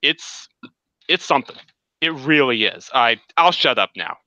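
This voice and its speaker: A man with a bright, forward voice chats eagerly on a gaming podcast, recounting a story in animated detail. The sound is dry and a little dull, like online call audio. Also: medium pitch, unhurried, no echo. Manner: enthusiastic, animated storytelling with acted quotes. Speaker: podcast co-host. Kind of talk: casual gaming podcast chat.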